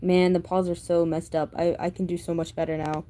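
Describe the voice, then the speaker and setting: A woman's voice: fairly low pitch, little pitch movement, a little fast, dark tone. A woman vlogger chatting casually about her sketchbook, rambling with many fillers and gushing like a fan. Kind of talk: casual chat.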